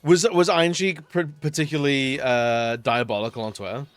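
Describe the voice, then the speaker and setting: A man's voice: medium pitch, fairly even intonation, normal speed, no echo. A man chatting casually during a live stream, rambling and laughing often between remarks. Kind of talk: casual live-stream chat while gaming.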